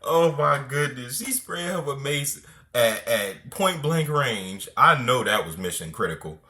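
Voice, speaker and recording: Bright-voiced man reacting in disbelief. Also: medium pitch, animated, a little slow. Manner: incredulous, joking interjections. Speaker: reaction commentator. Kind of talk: reacting to a clip.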